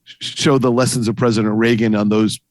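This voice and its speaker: A man's voice: mid-range voice, flat delivery, brisk, a little mellow, no echo. A man interviewing a guest, eager, with stammering restarts. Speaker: interviewer, attorney. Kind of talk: interview questions.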